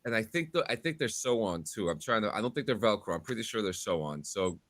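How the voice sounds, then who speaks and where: A man's voice: fairly low pitch, lively intonation, quick pace, fairly bright tone, no room sound. A man hosting a casual podcast, rambling and restarting his sentences as he signs off. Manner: rambling, repeats words while starting sentences. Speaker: podcast host.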